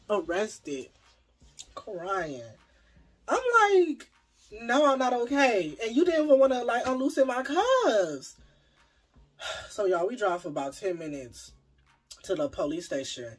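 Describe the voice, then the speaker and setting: A young adult vlogger telling a personal story in a casual, animated, profane and dramatic way. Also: mid-range voice, measured pace, slightly rough.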